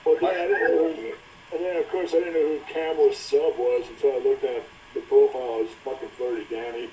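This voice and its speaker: Guy guest on a stream after-show, joking around, mellow tone, far from the mic. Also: mid-range voice, steady tone, fairly quick. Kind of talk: casual after-show chat. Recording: distant mic with faint noise.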